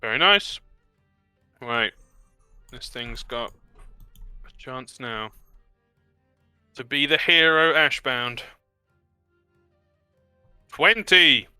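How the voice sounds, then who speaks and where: Male game master, upbeat narrator, smooth resonant tone, faint music behind. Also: medium pitch, slow pace, pauses often, no echo. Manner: lively, upbeat narration with rule explanations. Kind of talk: narrating and running a tabletop game.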